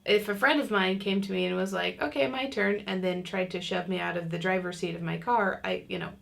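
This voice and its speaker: A woman's voice: fairly low pitch, level tone, brisk, gravelly, fairly bright tone. A woman teaching an online parenting class in a chatty, casual way, acting out what parents and kids might say. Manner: chatty, many fillers, acts out kids' lines.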